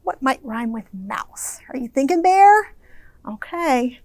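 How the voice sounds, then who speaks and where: A woman children's librarian reading a picture book aloud at storytime, expressive and drawn out, with hushed shushes. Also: sits high, slow, dry recording. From Ohio, US.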